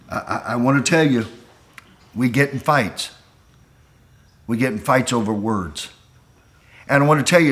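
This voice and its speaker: A pastor preaching to men on a call, pleading and impassioned, dropping quiet and then rising to a near shout. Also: male voice, on the low side.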